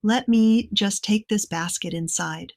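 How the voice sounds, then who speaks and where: A woman reading a weary, quiet young woman. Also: medium pitch, measured pace, no room sound, studio quality, lightly acted. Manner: quiet and tired. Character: young woman, weary and shaken but wry.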